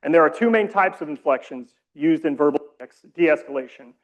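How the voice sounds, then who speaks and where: A man leading a community training session, explaining calmly with casual, self-deprecating asides. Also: fairly high pitch, a little fast, few pauses, lo-fi sound. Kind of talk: training presentation.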